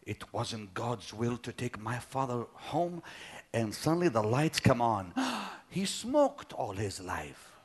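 Dramatic preacher man, hushed to shouting. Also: mid-range voice, very animated, takes it slowly. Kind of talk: sermon storytelling.

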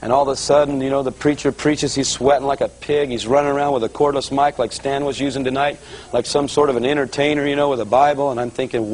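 A man preaching to a church audience, telling his conversion story in a lively storytelling manner and acting out the voices of others. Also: mid-range voice, fast talker, slight background noise, rough recording. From Los Angeles area. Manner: animated storyteller, voices quotes, rising excitement. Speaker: guest preacher giving testimony. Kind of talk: sermon testimony storytelling.

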